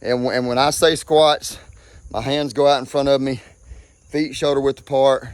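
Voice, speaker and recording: A man's voice: mid-range voice, level tone, normal speed, noisy background. Breathless Southern man, folksy vlog while walking outdoors, Mississippi drawl. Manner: folksy, drawling, keeps saying okay. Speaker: vlogger.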